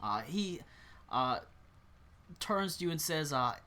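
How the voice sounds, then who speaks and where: Bright-voiced game master narrating. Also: male voice, a little high, animated, takes it slowly. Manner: rambling, filler-heavy narration.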